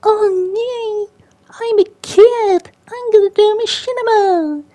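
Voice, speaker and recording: A man doing a squeaky mocking kid. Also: steady tone, takes it slowly, warm tone. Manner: whiny, exaggerated squeak. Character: squeaky mocking young boy gamer.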